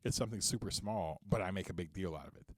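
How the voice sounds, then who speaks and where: A man's voice: sits low, quick pace, no echo. A man co-hosting a podcast, talking openly and with passion, his voice rising when he gets worked up. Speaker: podcast co-host and CEO. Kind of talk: candid podcast conversation.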